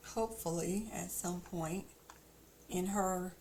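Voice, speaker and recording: A woman's voice: lowish voice, fairly even intonation, slow pace, gravelly, darkish tone, slight background noise. A woman streamer chatting casually as she plays, thinking aloud with teasing asides. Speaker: game streamer. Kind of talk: casual gameplay commentary.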